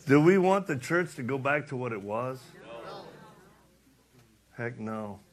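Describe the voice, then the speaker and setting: In a mid-range voice with lively intonation and a little background hiss or hum, a middle-aged preacher takes it slowly. He delivers a passionate sermon, repeating lines for emphasis and acting out stories amid laughter.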